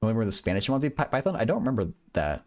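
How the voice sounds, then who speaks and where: A man's voice: medium pitch, big pitch swings, rapid-fire, a little mellow. A young man hosting a livestream, chatting casually with viewers about a physics problem, rambling and laughing at himself with lots of repeated words. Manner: rambling, self-deprecating, giggly, stammers with repeated words. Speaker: livestream host solving math and physics problems.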